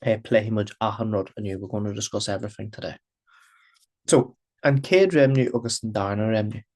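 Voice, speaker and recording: Here a man speaks quickly in a lowish, slightly mellow voice. He's a language teacher giving a recorded grammar lesson, explaining with patience and repetition and moving between Irish and English for each term.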